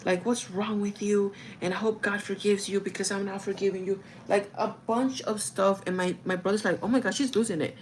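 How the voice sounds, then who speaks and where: A woman's voice: mid-range voice, steady tone, a little fast, few pauses, slight background noise, rough recording. A young woman vlogger telling a family story in casual chat, rambling with many fillers and often calling her viewers "guys".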